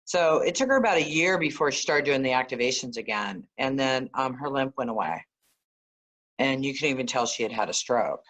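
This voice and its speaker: A woman guest, an energy healer, telling stories in a conversational interview, animated and often laughing. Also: a bass voice, a little fast. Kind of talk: conversational storytelling.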